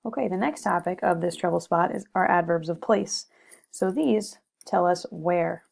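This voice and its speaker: A woman's voice: fairly low pitch, normal speed, gravelly, a little mellow. A young woman giving a recorded slide lecture on grammar, methodical, with frequent "okay" and "um". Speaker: teacher presenting a lesson.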